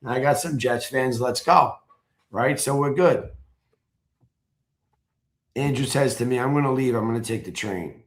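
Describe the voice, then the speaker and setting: A man telling a story in casual chat, excited and acting out his own shouted chants. His voice sits at an ordinary middle pitch. The sound carries a roomy echo. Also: unhurried, long pauses.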